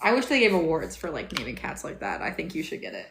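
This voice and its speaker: Bright-voiced young woman chatting on a livestream. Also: low-pitched, wildly swooping pitch, fast talker, a little hiss or hum. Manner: chatty, bubbly, reads and answers viewer comments. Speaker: livestream host. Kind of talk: casual livestream chat. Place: motel room. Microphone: phone on tripod.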